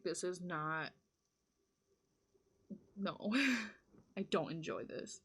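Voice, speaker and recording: A woman's voice: on the low side, lively intonation, extremely slow, pauses often, fairly bright tone, husky. A woman vlogger telling a spooky story in casual chat while doing her makeup, full of "like" fillers and dramatic retelling.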